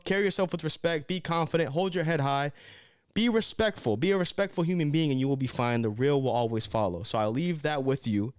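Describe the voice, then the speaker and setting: Fast-talking young man, dry close sound. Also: mid-range voice, clean tone, dry recording. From Southern California. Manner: animated, slips into mocking voices; streetwise slang, says man and bro often. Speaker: vlogger. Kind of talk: casual monologue to camera.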